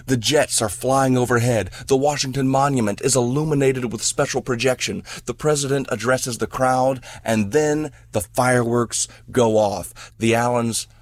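A man's voice: mid-range voice, normal speed, few pauses, no echo. Dry, earnest male reporter. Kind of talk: narrated report.

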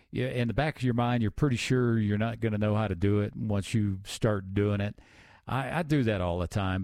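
A man's voice: lowish voice, darkish tone, dry recording, clean studio sound. A man in his fifties, a country radio DJ telling a rambling, folksy story on air. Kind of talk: casual on-air chat.

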